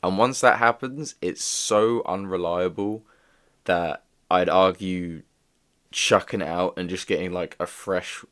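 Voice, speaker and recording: A man's voice: low voice, fairly even intonation, unhurried, fairly bright tone. A young man giving a casual, rambling video review, peppered with filler words. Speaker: toy reviewer.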